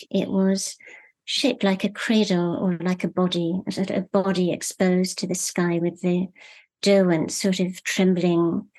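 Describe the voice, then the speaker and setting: A woman's voice: on the low side, darkish tone. Thoughtful middle-aged woman novelist. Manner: thoughtful, measured, searching for words. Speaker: novelist guest. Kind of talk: reflective interview talk.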